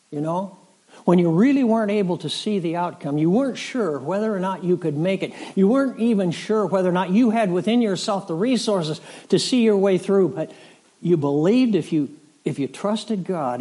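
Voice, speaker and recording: Male pastor, fairly high voice, deliberate preaching cadence that swells on scripture. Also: mellow. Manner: slow deliberate preaching, rising in force on scripture lists. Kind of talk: sermon. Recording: audio of a sermon.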